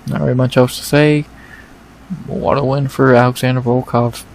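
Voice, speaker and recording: A man hosting an MMA fight recap in a casual, excited way, swearing often and repeating himself. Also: mid-range voice, moderate pace, gravelly, slight background noise, rough recording.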